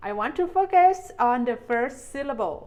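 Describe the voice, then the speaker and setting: A woman with a Thai accent teaching vocabulary to beginners, speaking clearly and patiently and drawing out each syllable. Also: high voice, very animated, fairly quick, darkish tone, dull audio. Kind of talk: friendly vocabulary lesson with slow repeated pronunciation.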